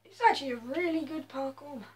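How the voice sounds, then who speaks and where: A woman's voice: high voice, fast talker. A woman chatting over her own gameplay, mocking her own skill and breaking into sudden exclamations. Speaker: gaming video host. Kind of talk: casual gameplay commentary.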